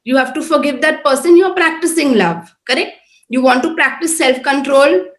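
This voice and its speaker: Woman, middle-aged, informal sermon, earnest, fairly high pitch, roomy echo. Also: moderate pace. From Oman-based, Indian. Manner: earnest, conversational, repeats tag questions. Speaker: prayer group speaker. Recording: echoey room.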